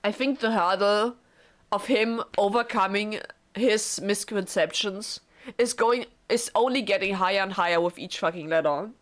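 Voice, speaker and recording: A woman's voice: medium pitch, normal speed. A woman streaming a blind visual novel playthrough, emotional and tearful, swearing often as she talks to her viewers.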